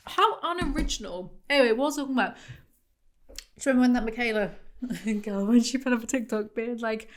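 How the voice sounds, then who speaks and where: A woman's voice: a little high, a little fast. Sarcastic young woman rambling. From southwest England. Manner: sarcastic, rambling, swears freely. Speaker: YouTuber. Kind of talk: comedic commentary vlog.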